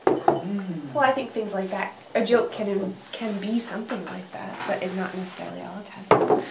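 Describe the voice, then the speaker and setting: A woman student in a class discussion, speaking quickly and searching for words. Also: mid-range voice, gravelly. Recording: distant, echoey, very noisy recording.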